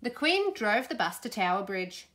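A woman reads a children's storybook aloud in an expressive, playful way. Her pitch moves in a lively way, and her voice is bright and clear. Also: moderate pace. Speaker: storybook reader.

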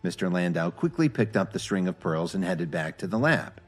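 A man narrating a scripted audio drama with expressive storytelling. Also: sits low, moderate pace, faint music behind.

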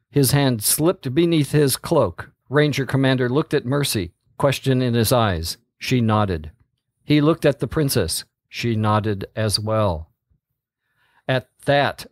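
A man reading a story aloud as narrator, in a slow, steady delivery. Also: mid-range voice, no echo, studio quality.

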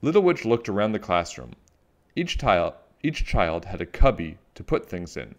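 Lively low-voiced man reading a storybook. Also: normal speed. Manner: animated, expressive, playful sound effects. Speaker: children's book reader. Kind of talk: storybook read-aloud.

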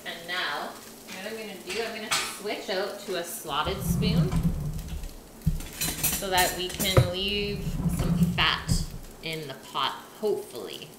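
Cooking live from her home kitchen, a woman from Canada talks slowly in a fairly low voice, answering viewers' chat as she works. Pots, pans and dishes clatter loudly in the echoey room, making the background noise heavy.

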